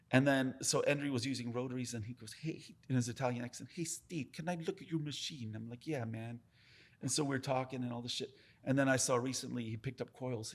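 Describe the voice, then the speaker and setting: A man, a tattoo artist talking bluntly and swearing as he tells stories on a casual podcast. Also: mid-range voice. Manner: blunt, swears often, animated storytelling.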